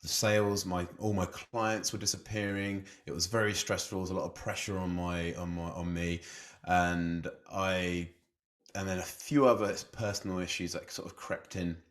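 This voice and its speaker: A man's voice: low voice, level tone, normal speed, a bit bright. A man telling his story casually as a podcast guest, chatty and self-deprecating, laughing often and leaning on "you know".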